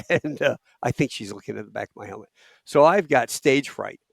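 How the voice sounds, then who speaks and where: A middle-aged man, voice pitched in the middle, tells a story with lively acted-out quotes. He sounds close and dry on a studio mic. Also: fairly quick, gravelly, no room sound. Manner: animated anecdote telling with acted quotes. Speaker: podcast guest. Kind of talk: casual storytelling.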